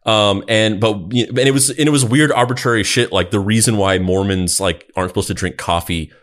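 A man's voice: on the low side, a little fast. A man co-hosting a podcast, chatting casually and rambling with many fillers and restarts. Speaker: podcast co-host. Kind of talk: casual chat.

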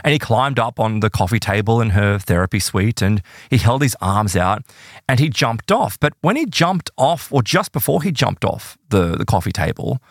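A podcast guest tells case stories in a casual conversation, animated and acting out the voices he quotes with big pitch jumps. He speaks at a moderate pace. The studio sound is clean, without any room sound.

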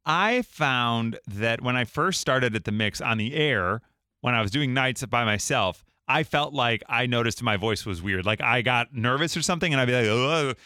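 A man's voice: medium pitch, lively intonation, normal speed, bright, forceful tone, clear, resonant tone, no room sound. A man hosting a morning radio after-show podcast, chatting casually and laughing often in a studio. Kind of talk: casual chat.

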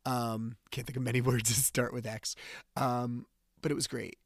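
A man hosting a podcast, telling a personal story in a casual, animated way and acting out the dialogue. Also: mid-range voice, normal speed, vocal fry, no room sound, clean studio sound. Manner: animated, acts out dialogue while retelling. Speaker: podcast host.

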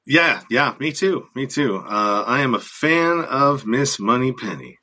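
A man's voice: mid-range voice, big pitch swings, measured pace, pushed and bright. American man hosting a rambling chat. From United States. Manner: rambling, hesitant, with many fillers and restarts. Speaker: host. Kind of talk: casual interview chat.

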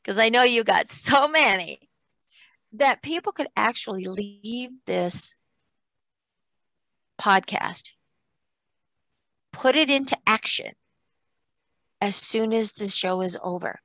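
A woman's voice: a little high, animated, takes it slowly, long pauses, pushed and bright, no room sound. A woman in her sixties hosting a podcast, chatting in a rambling way and laughing between thoughts. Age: 60s. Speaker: podcast host. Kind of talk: casual podcast interview.

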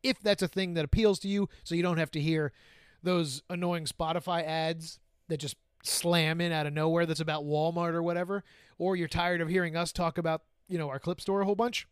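A man's voice: on the high side, steady tone, brisk, clean tone, no echo, studio quality. A man co-hosting a casual podcast, joking and teasing, swearing freely. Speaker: podcast co-host. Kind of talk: casual chat.

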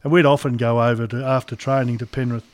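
A man's voice: medium pitch, fast. Older Australian man telling footy yarns. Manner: rambling, relaxed anecdotes with frequent restarts. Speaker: former rugby league player on a sports radio show. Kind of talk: casual storytelling chat.

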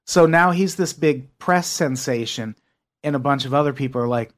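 A man co-hosting a podcast, retelling a documentary in loose, profane, animated chat. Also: medium pitch, moderate pace. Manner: swears freely, animated storytelling. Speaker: podcast co-host. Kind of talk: casual chat.

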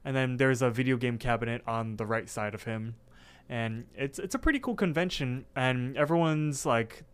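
Man, podcast co-host, casual recap, smooth voice, filler-heavy. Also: mid-range voice, fairly bright tone. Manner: recaps scenes with many fillers.

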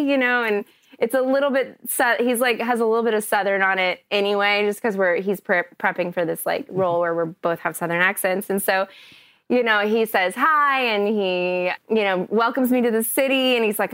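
A woman's voice: mid-range voice, moderate pace, dry recording, clean studio sound. Chatty woman telling a story. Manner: animated, chatty, many fillers. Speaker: actress guest. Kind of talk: casual podcast storytelling.

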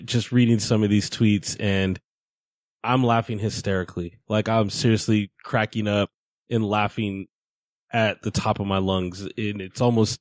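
A man's voice: fairly low pitch, fairly even intonation, a little slow, no echo. A man co-hosting a fan podcast in casual chat, amused and incredulous, talking in loose bursts full of "like". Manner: amused, incredulous, many "like" fillers. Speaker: podcast co-host.

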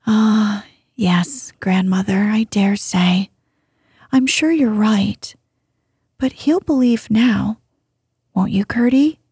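A woman voicing an eager, earnest young princess girl in a storybook reading, with a soft breathy voice. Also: medium pitch, slow pace, pauses often, no room sound, studio quality, exaggerated voice. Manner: earnest, insistent questioning.

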